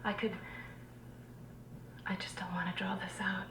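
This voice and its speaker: An actress playing a poised, elegant woman with a measured, polite manner, in a clip from a TV drama. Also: mid-range voice, flat delivery, natural voice. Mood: earnest. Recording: distant, echoey TV clip with noise.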